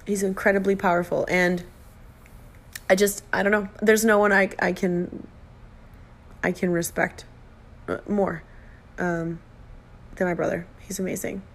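A woman's voice: lowish voice, little pitch movement, measured pace, long pauses. Middle-aged woman, podcast host, heartfelt personal monologue, emotional, self-mocking humor.

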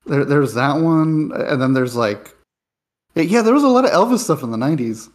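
A man's voice: a little high, lively intonation, moderate pace. A man in a casual film podcast chat who talks in a thoughtful, rambling way with hesitant restarts.

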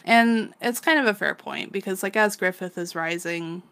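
A woman's voice: mid-range voice, normal speed, fairly bright tone, clear, resonant tone. A woman co-hosting a podcast, casually recapping a manga, laughing often and swearing freely as she acts out the characters. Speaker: podcast co-host.

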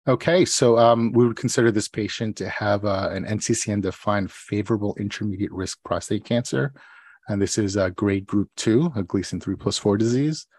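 A man's voice: fairly low pitch, moderate pace, darkish tone, slightly rough, no echo, clean studio sound. A man co-hosting a podcast, talking loosely with plenty of fillers and restarts. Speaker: podcast co-host. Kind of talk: casual podcast chat and mock oral exam.

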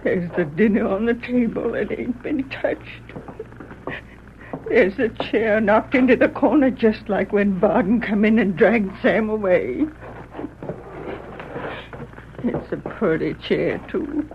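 A woman's voice: mid-range voice, lightly acted. Woman playing a tearful frontier wife. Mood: mournful. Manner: slow, heartfelt. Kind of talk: 1940s radio drama acting. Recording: dull old radio recording with faint hiss.

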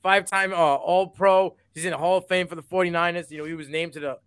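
A man co-hosting a sports podcast in casual chat, animated and rambling, laughing often. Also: high voice, fast, clean tone, dry recording, clean studio sound. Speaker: podcast co-host.

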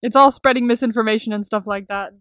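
A young woman co-hosting a podcast, chatting casually about a TV episode, reacting quickly, laughing often and swearing. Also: on the high side, steady tone, fairly bright tone, dry recording, clean studio sound. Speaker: podcast co-host. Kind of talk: casual recap chat.

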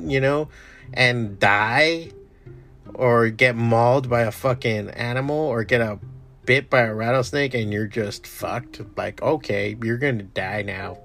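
A man chatting casually and enthusiastically about shows and comics, swearing often and trailing off into quieter mumbles. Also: medium pitch. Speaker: comic artist streamer. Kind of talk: casual rambling chat.

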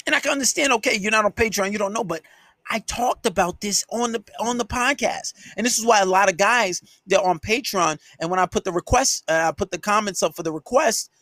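A man's voice: high voice, fairly quick, sharp tone, dry recording, studio quality. A man hosting a solo podcast, ranting at his listeners in a scolding, profanity-heavy way. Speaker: podcast host and dating coach.

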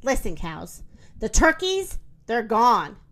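A brash, bossy rooster , put on by a woman reading aloud who crows his demands loudly. His voice swings from low growls to high bursts in a storybook telling. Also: sing-song, slow, exaggerated voice. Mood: pushy. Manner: pushy, smug, loud.

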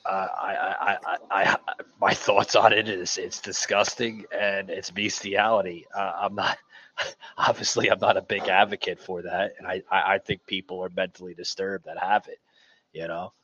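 A man's voice: low voice, level tone, moderate pace, bright, forceful tone, dull audio. A man hosting a casual podcast chat in a studio, talking hesitantly with many fillers and restarts. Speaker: podcast host. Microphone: studio mic.

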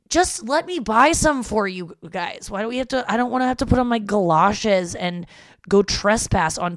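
A woman's voice: fairly low pitch, clear, resonant tone, no echo, studio quality. A young woman hosting a podcast from home, rambling in a casual, irritated monologue and swearing freely. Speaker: podcast host.

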